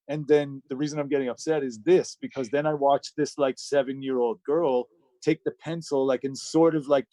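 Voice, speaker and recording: On the verge of tears, a middle-aged record producer and engineer shares a personal story as a guest, casual, profane and heavy with fillers. His voice is fairly high and darkish in tone, and the recording is dry.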